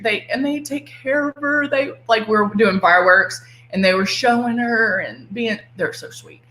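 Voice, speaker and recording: A woman hosts a live makeup demo from home. She is chatty and giggly and greets viewers by name. Her voice is bright and ringing, and the room gives it a noticeable echo. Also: on the low side. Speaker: livestream makeup presenter. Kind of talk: casual live demo chat.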